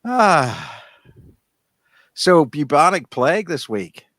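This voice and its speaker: A man's voice: on the low side, fairly bright tone, no room sound. Rambling man, dry sound. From Northern Ireland. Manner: rambling, halting, many restarts. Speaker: podcast co-host. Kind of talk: casual chat.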